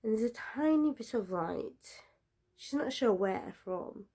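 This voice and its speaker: A woman's voice: fairly high pitch, expressive, unhurried, warm tone, husky. Woman telling a spooky story.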